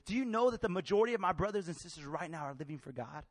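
Young male preacher, high voice, dry close sound, passionate with loud-to-quiet swings. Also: racing, few pauses, no echo. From Mexican family. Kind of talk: sermon.

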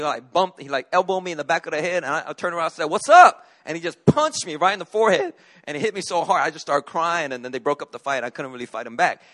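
A man's voice: fairly high pitch, sharp tone. A middle-aged man from Korea, a pastor preaching a sermon, telling a personal story in an earnest way with frequent restarts.

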